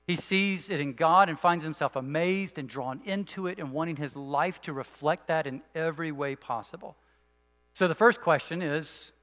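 A man preaching a sermon as a pastor, earnest, moving between emphatic and hushed delivery. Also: on the high side, big-room sound.

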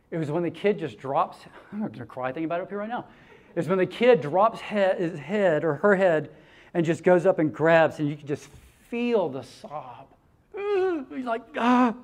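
A pastor delivers a sermon in a somewhat high-pitched male voice. He tells stories with animation, laughing now and then and acting out quotes.

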